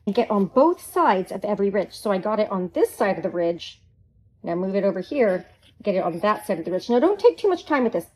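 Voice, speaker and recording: A woman hosting a hands-on craft tutorial, chatty, playful and quick to get excited. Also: mid-range voice, husky, poor audio.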